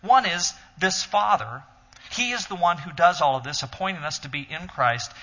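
Bright, husky man teaching from a podium. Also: high-pitched. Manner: earnest, emphatic, explains step by step. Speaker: teacher leading a Bible study. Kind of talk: teaching sermon. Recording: dull sound in a reverberant hall.

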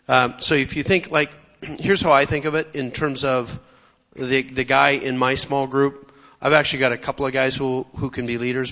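A man's voice: medium pitch, a bit bright, long reverb tail, highs cut off. Methodical male church teacher. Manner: explanatory, methodical, clears throat. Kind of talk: teaching talk.

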